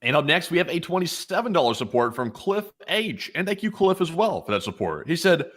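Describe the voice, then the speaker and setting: A man's voice: a little high, big pitch swings, brisk, few pauses, a bit bright. A male co-host in casual chat, reading out viewer messages in a plain, easygoing way. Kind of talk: casual live-stream chat.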